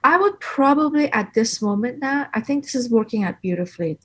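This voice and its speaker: A woman instructor giving live design critique, with encouraging, gently directive feedback. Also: on the high side, expressive, normal speed.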